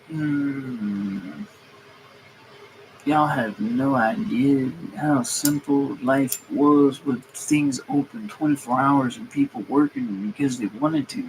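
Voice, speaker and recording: A man's voice: mid-range voice, slight background noise, low-quality recording. A man streaming a comedic rant, griping heatedly and swearing freely as he goes. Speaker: streamer and mechanic. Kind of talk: comedic ranting monologue.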